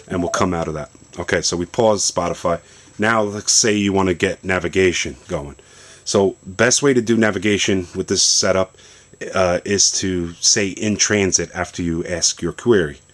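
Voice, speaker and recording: In a basement, a tech video host with a very deep voice walks through a phone demo at a moderate pace. He's loose and chatty, rambling through his explanation as he stops, restarts, and fills gaps with "uh."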